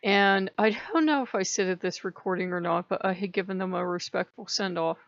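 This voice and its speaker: A woman talking to camera at home as a Wiccan vlogger, telling a story in a casual, animated way and laughing often. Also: medium pitch, brisk, creaky, dry recording. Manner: animated, laughs often, voices her own quoted outbursts. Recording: dull, dry lo-fi sound.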